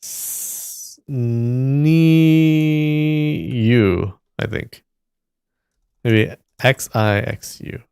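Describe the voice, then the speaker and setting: A man streaming live, thinking aloud and slowly sounding out syllables as he works through a word puzzle. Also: medium pitch, vocal fry, darkish tone, smooth, no room sound, studio quality. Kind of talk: casual muttering while solving a word puzzle.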